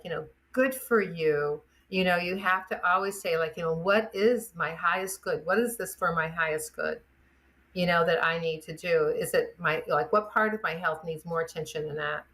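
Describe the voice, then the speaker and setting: An older woman with a lowish voice tells stories from her years as a chiropractor. She is animated and laughs easily, and she slips into the voices of the people she is describing. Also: normal speed. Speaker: guest chiropractor. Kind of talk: anecdotal storytelling.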